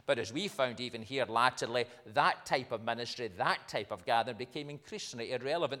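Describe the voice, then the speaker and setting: A man's voice: mid-range voice, a little fast, few pauses, pushed and bright, long reverb tail. An older man, a minister preaching a sermon in a conversational way, building up to emphatic points. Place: church.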